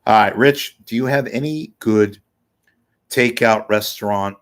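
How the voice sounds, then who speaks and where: A man's voice: lowish voice, unhurried. A man hosting his own show, rambling casually and profanely with wisecracks. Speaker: show host. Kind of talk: casual livestream monologue.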